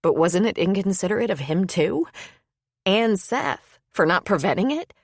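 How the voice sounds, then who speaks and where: A woman narrator voicing an emotional, tearful pregnant young woman in an audiobook, speaking a little higher than her narration. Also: lively intonation, moderate pace, no echo, clean studio sound. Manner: tearful, sniffling.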